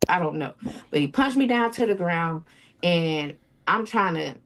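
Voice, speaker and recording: A woman's voice: lowish voice, expressive, a little slow. A woman telling her own story as an interview guest, often quoting others and swinging her voice up and down. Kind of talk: emotional first-person account.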